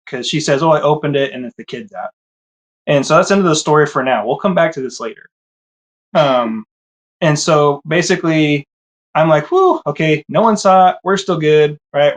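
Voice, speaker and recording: Man, casual storyteller, slightly high voice, animated and expressive when voicing his own past thoughts. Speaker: guest telling his story.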